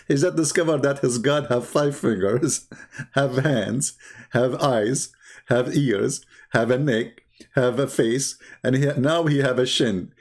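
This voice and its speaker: A man with a mid-range voice comments on a video in a sarcastic, mocking tone, repeating his jabs for effect. He speaks as a host reacting to a clip. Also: mid-range voice.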